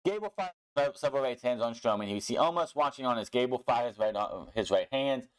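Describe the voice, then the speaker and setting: A man's voice: medium pitch, expressive, fairly quick, clear, resonant tone. A young man casually recapping and reviewing a wrestling show, chatty and opinionated.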